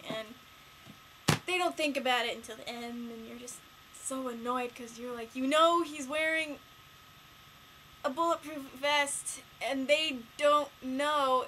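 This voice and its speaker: A teenage girl chatting casually in a home vlog, rambling and excitable with lots of fillers. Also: high-pitched, slight background noise, rough recording. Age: late teens. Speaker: vlogger.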